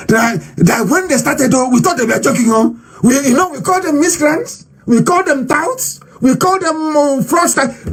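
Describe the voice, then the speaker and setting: A husky-voiced Nigerian man delivers an impassioned political broadcast. He pitches high and swings wildly up and down, hammering his points with repetition and outbursts of shouting. The tone stays fiery and defiant throughout. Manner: fiery, defiant, repeats phrases for emphasis, shouts. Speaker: political movement leader giving a live address.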